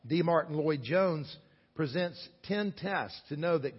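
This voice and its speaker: A man in his sixties from the American South with a Southern accent, preaching a sermon earnestly, with loud stresses and quiet asides. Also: fairly high pitch, animated, a little slow, breathy edge. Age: 60s. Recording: long hall echo, dull lo-fi sound.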